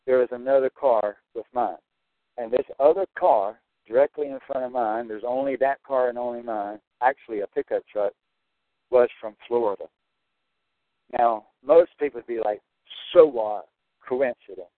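A man's voice: medium pitch, no echo. A man delivering an earnest, repetitive preaching monologue, stressing his points over and over. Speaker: Christian prophecy broadcaster. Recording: tinny phone-like line, dry.

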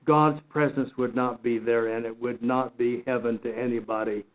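A man's voice: mid-range voice, steady tone, moderate pace. A man teaching a Bible study lesson in an earnest, emphatic way, often repeating and restarting words. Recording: phone-like narrow sound.

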